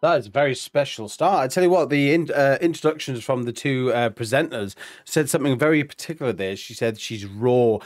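A man's voice: medium pitch, fast talker, few pauses, dry recording, clean studio sound, soft background music. A man with a British accent co-hosting a reaction video, chatting casually and bluntly, swearing freely.

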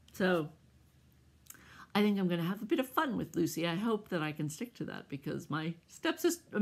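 A middle-aged American woman chatting casually to camera about her stitching, husky and congested from allergies, laughing often between asides. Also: on the low side. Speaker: cross-stitch vlogger. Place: at home, indoors.

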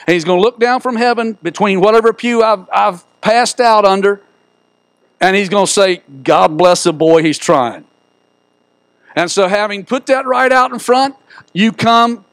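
A man's voice: high voice, normal speed, fairly bright tone, clear, resonant tone, no echo. A middle-aged man preaching a sermon in a church, folksy and joking as he tells stories. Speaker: pastor. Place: church sanctuary.

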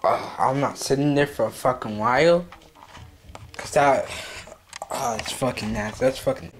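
A man's voice: medium pitch, normal speed, a little hiss or hum. A young man vlogging in a home basement, swearing constantly in a disgusted, agitated comedic skit. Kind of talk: scripted comedic vlog skit.

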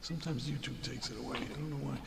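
A man's voice: medium pitch, fairly even intonation, racing, vocal fry. A man chatting casually as a guest on a live stream, easygoing and repeating his words. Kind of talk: casual chat. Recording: echoey room with crowd noise.

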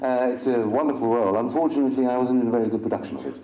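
A middle-aged man, a guest on a convention panel, jokes wryly before an audience with dry, self-mocking humor. He talks at a racing pace in a medium-pitched voice. The hall is echoey and filled with crowd noise.

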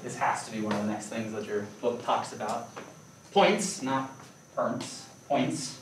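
A man's voice: mid-range voice, a little slow, noisy background. A man teaching a calculus class, explaining ideas playfully and checking in with questions. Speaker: math lecturer. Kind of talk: classroom lecture. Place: lecture room. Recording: echoey lecture room, distant mic.

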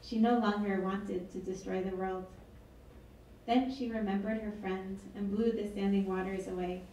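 A woman's voice: mid-range voice, fairly even intonation, moderate pace, warm tone, distant mic, dull audio, slight background noise. A woman author reading her book aloud at an event, with wry, chatty asides. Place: event hall. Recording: echoey hall, mic from afar.

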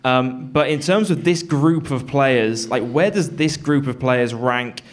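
A man's voice: medium pitch, unhurried. A man hosting a live podcast in front of an audience, upbeat and asking guests questions. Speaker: podcast host.

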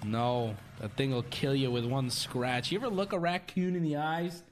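A man hosting a stream in casual chat, blunt and profane, giggly and high. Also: moderate pace, a little hiss or hum. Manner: profane, blunt, laughs often. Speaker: streamer host.

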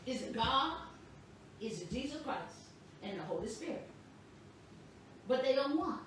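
High-voiced woman pastor preaching slowly. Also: big pitch swings, a little hiss or hum. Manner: slow, emphatic preaching, stresses words boldly. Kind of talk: sermon. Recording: echoey room, voice from a distance.

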